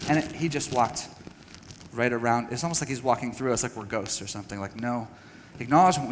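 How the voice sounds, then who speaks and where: A man's voice: medium pitch, fast talker, slight background noise. A man from Texas speaking to a church audience, candid and self-deprecating, with many fillers and restarts. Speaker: speaker at a church parenting session. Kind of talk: personal talk to an audience. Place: church hall. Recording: long hall reverb.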